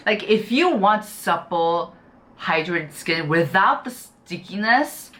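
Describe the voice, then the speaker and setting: A woman's voice: on the low side, expressive, slow pace, a bit bright. A young woman chatting casually to camera as she reviews skincare products, gushing and full of "you know" and "like". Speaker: beauty YouTuber.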